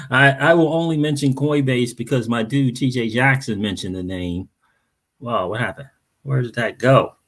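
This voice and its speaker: A man with a husky, slightly grainy voice hosts a casual livestream, chatting straight to his viewers. He greets people by name as they arrive and repeats his own phrases in an easygoing, conversational flow. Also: medium pitch, a little slow, fairly bright tone. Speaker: crypto channel host.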